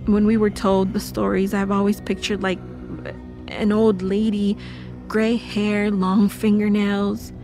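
A woman narrating a first-person horror audio drama, telling it breathlessly with halting restarts. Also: mid-range voice, flat delivery, mellow, soft background music, lightly acted. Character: young woman recalling a family horror.

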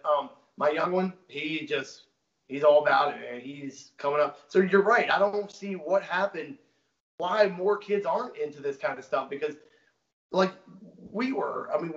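A man's voice: a little high, a bit bright. A man in his thirties, a shop owner and guest, talking bluntly and casually with some swearing. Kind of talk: casual podcast conversation. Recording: echoey, muffled audio.

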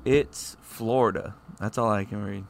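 A man's voice: on the low side, fairly even intonation, unhurried, vocal fry, a little hiss or hum. A man co-hosting a casual podcast over a call, teasing his co-host and swearing freely. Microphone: headphones on a call.

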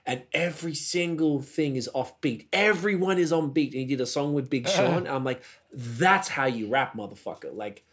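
A man co-hosting a podcast, chatting casually with loose, profane and animated storytelling. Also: a little high, normal speed, hardly any pauses. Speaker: podcast co-host. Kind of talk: casual chat.

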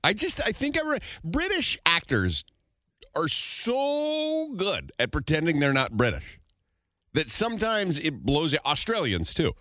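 A male radio host whose pitch leaps and swoops when he gets worked up. He talks in excited, exaggerated disbelief. The sound is close and dry, with no room around it. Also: measured pace, no echo. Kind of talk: casual morning show banter.

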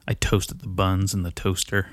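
Man, low voice, casual rambling monologue, swearing, self-mocking, slightly winded, dry close desk mic. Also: little pitch movement, normal speed, no echo. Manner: profane, loose, self-mocking. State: a bit out of breath. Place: home desk in an apartment. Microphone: desk mic on a boom arm.

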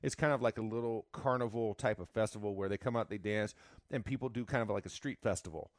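A man from Florida in casual chat, telling stories in an animated way and laughing often. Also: lowish voice, fast, no room sound, clean studio sound. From Florida, USA.

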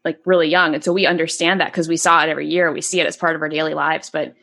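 A woman's voice: deep voice, level tone, racing, creaky, fairly bright tone. A woman hosting a podcast, talking in a conversational way and agreeing with her guest. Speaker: podcast host. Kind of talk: casual interview chat.

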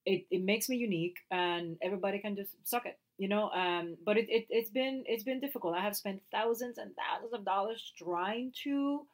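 A woman from Puerto Rico with a Puerto Rican Spanish accent, co-hosting a podcast in casual, animated chat. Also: mid-range voice, moderate pace, hardly any pauses. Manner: animated, laughs often, quotes people in their voices. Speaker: podcast co-host.

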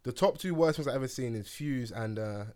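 A man's voice: medium pitch, a little fast, darkish tone, slight background noise. A man chatting casually with friends, playful and laughing often. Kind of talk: casual chat.

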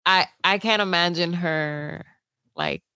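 A young adult woman co-hosting a casual livestream, talking in a halting way with many fillers. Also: lowish voice, huge pitch swings, bright, forceful tone, smooth, dry recording, clean studio sound. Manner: slow, halting, filler-heavy. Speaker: co-host.

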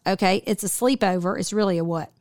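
A woman's voice: medium pitch, fast, a little mellow, no echo. A woman co-hosting a casual radio talk show, chatty and teasing as she quizzes her co-host.

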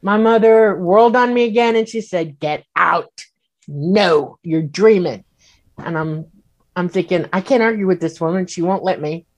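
A woman telling a personal story in casual speech, animated and acting out the voices she quotes, with many fillers. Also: medium pitch, brisk, lo-fi sound. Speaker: guest recounting an experience.

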